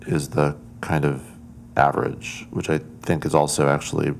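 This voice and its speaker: Very deep-voiced man chairing a meeting. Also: completely flat delivery, gravelly, slight background noise. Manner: measured, uses fillers while moving the agenda along. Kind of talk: committee meeting discussion.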